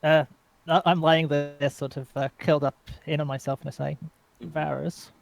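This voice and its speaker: A man playing a tabletop game, speaking in character in a slow, halting way with sighs. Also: on the high side, flat delivery, creaky, faint music behind. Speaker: player.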